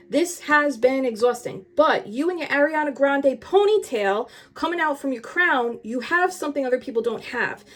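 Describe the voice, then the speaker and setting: A woman's voice: a little high, darkish tone. A young woman doing a casual spiritual tarot reading, talking straight to the viewer in a chatty, meandering and emphatic way. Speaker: tarot reader.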